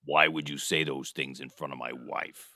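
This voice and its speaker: A man's voice: extremely low pitch, fairly even intonation, normal speed, bright, forceful tone, no room sound, studio quality. A man, a podcast co-host, throwing teasing and sarcastic remarks into casual banter.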